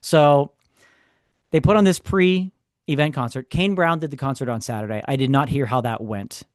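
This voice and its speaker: A man, co-hosting a podcast, telling a story in a casual, animated way with sarcastic asides. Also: mid-range voice, normal speed, no echo, clean studio sound. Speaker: podcast co-host. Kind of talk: casual chat.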